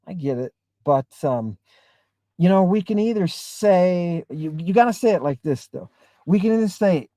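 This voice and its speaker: A man's voice: high voice, lively intonation, moderate pace, warm tone, no room sound. A man hosting a livestream, talking emphatically and in a rambling way, reading and answering viewer comments. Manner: emphatic, rambling, keeps asking "right?". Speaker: host. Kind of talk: livestream talk with chat.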